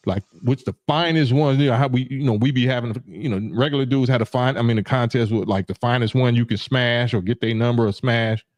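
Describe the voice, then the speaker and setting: A man's voice: medium pitch, brisk, hardly any pauses, darkish tone, no echo. A man hosting a livestream in casual chat, rambling and often saying "you know what I'm saying". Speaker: livestream host.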